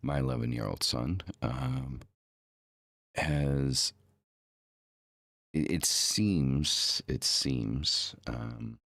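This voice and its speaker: A man's voice: extremely low pitch, very slow, gravelly, long pauses, a bit bright, no echo, studio quality. A man hosting his own live podcast, chatting casually and rambling with many fillers and repeated words, using a home streaming mic. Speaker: podcast host.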